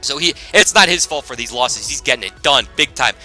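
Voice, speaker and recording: A man commentating his own hockey video game season, excitable and quick to shout at big plays, with rambling asides. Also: mid-range voice, soft background music, low-quality recording. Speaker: gaming YouTuber.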